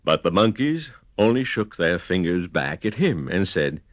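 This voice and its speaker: A man reading a children's picture book aloud, slow and deliberate with a sing-song repetition. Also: low-pitched, sing-song, no room sound, clean studio sound. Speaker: storyteller. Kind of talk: children's storybook narration.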